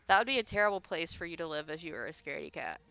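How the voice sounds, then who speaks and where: A woman's voice: deep voice, lively intonation, rapid-fire, bright, forceful tone, dry recording, soft background music, rough recording. A woman streaming live, chatting casually and reading out viewer comments, blunt and easily exasperated, swearing now and then. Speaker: streamer reading paranormal posts.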